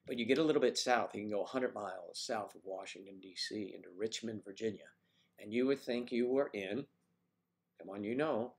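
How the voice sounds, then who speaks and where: This livestream host, a man from the mid-Atlantic United States with the matching accent, chats casually, rambling and playing around with other accents. He talks fairly quickly in a lowish, creaky voice with a darkish tone.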